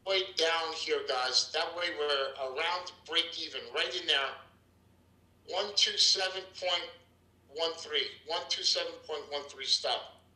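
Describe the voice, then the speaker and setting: A man's voice: on the high side, measured pace, echoey room, rough recording. A man hosting a live trading room, talking energetically and calling out to his viewers. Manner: energetic, salesy, calls out to viewers.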